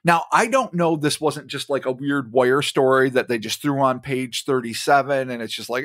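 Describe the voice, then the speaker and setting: A man's voice: medium pitch, normal speed, hardly any pauses, no echo, clean studio sound. A man co-hosting a podcast in casual chat, rambling and swearing freely as he talks. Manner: profane, rambling and animated. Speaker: podcast co-host.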